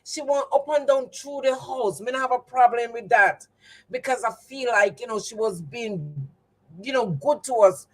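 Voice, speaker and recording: A woman's voice: a little high, animated, normal speed, poor audio. A woman with a Jamaican accent, telling a personal story to her livestream viewers in an emphatic, repetitive, testimony-like way. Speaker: livestream host.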